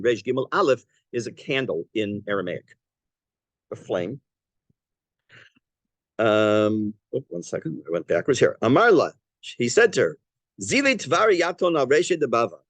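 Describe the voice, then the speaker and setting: Lively rabbi explaining a Talmud story. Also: male voice, medium pitch, dry recording. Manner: translates Aramaic phrase by phrase, lively and conversational; halting restarts and fillers while explaining. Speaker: rabbi teaching a class.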